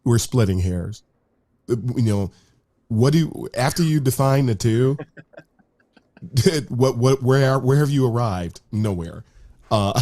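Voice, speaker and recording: A man's voice: mid-range voice, darkish tone. A man speaking as a panelist in a casual online Q&A on a video call, blunt and matter-of-fact.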